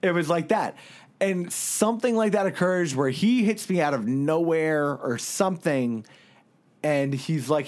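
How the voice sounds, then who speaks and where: A man's voice: on the high side, unhurried. A man co-hosting a podcast, telling a rambling anecdote with lots of fillers and laughs in a casual chat. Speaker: podcast co-host.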